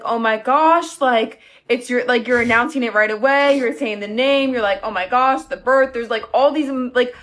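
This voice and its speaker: A woman's voice: on the high side, a bit bright. A woman casually telling an amused anecdote to camera, chatty and filled with "like.". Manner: chatty, amused, full of "like" and "oh my gosh". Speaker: social media creator.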